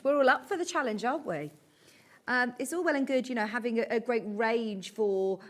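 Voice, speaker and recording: A woman presenting live on a shopping channel, chatty and gushing as she talks through products. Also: medium pitch. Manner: gushing, chatty, upbeat sales patter. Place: TV studio.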